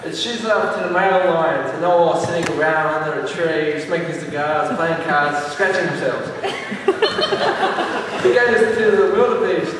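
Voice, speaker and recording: Stand-up comic, male, higher register, acts out characters; distant live-hall sound with long reverb. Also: moderate pace. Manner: acts out voices, animated storytelling. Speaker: stand-up comedian. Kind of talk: stand-up comedy. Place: large hall on stage. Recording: echoey hall, distant mic, faint hiss.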